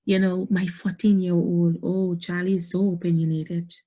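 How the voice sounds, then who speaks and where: A woman's voice: on the low side, little pitch movement, moderate pace, dark tone. A middle-aged woman, giving emphatic motivational business advice to camera and repeating points for stress. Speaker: business coach.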